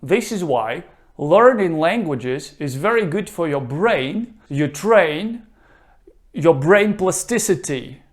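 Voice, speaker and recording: A man teaching a reading lesson, pronouncing each word slowly and leaving gaps for the listener to repeat. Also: on the high side, animated. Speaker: Russian language teacher. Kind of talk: slow, careful language lesson.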